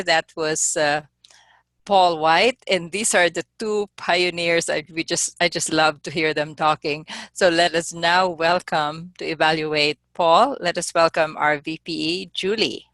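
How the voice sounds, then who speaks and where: A woman's voice: deep voice, fairly bright tone, no room sound. A woman hosting an online speaking club meeting over a video call, introducing speakers courteously. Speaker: toastmaster, meeting host.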